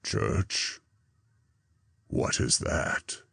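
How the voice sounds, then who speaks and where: A man's voice: extremely slow, bright, forceful tone, no echo. A man voicing a sullen, envious male fire dog in an audiobook reading, with a growling manner that turns cowed.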